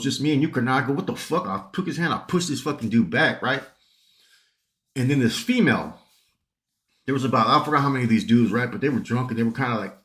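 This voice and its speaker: A man's voice: medium pitch, fairly bright tone, reverberant. A man casually telling a club story, rambling and swearing, often checking in with "right?". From San Jose area, California. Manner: profane, rambling, peppered with "right?". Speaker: channel host telling stories.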